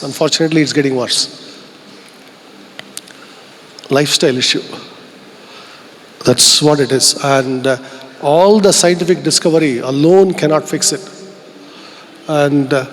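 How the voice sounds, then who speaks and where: Indian man giving a keynote in a reverberant hall. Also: fairly high pitch. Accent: Indian English. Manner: earnest, reflective, rhetorical questions. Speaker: keynote speaker. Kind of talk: conference keynote speech. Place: large event hall. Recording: long reverb of a large hall.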